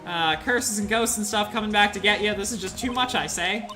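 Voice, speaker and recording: A woman's voice: medium pitch, brisk, over music, natural voice. A woman voicing a jittery young female occult photographer who rambles nervously.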